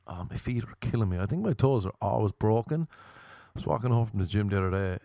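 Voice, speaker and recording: An Irish man with a low-pitched voice rambles through a comedic rant in a sardonic tone. His voice is close and dry, with no room sound. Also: expressive, fairly quick, warm tone, no echo.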